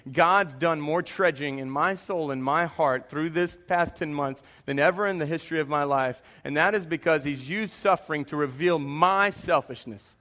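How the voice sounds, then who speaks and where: A man, preaching a sermon with animated bursts and hushed confessional moments. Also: a little high, moderate pace, hardly any pauses. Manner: animated preaching, drops to a quiet hush for confessions. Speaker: pastor.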